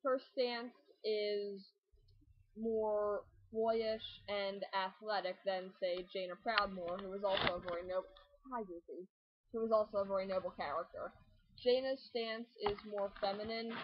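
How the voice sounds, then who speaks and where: Una joven que da consejos de cosplay en tono informal, charlatana y bromista, con divagaciones. Su voz tiene un tono medio. La grabación suena apagada, como de una webcam casera. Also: female voice, mid-range voice, steady tone, measured pace, dull audio, slight background noise. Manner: chatty, joking, rambling asides. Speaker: cosplay vlogger. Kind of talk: casual tutorial talk.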